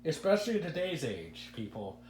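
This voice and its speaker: A podcast host talks casually in an echoey room with a faint hum, his fairly high voice swinging wildly in pitch at a slightly quick pace. He rambles through his opinions and stumbles over repeated words as he starts sentences.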